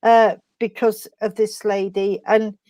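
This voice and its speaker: A woman giving an emotional mediumship reading, speaking in a halting, tender way and calling the listener sweetheart. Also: medium pitch, level tone, dark tone, no room sound. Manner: halting, tender, full of endearments. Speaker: spiritualist medium.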